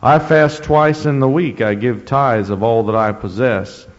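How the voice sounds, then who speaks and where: Male preacher reading scripture with deliberate, rising emphasis, captured on a dull, muffled recording. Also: mid-range voice. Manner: slow, deliberate reading with rising emphasis and frequent throat clearing. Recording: dull lo-fi recording in a reverberant hall.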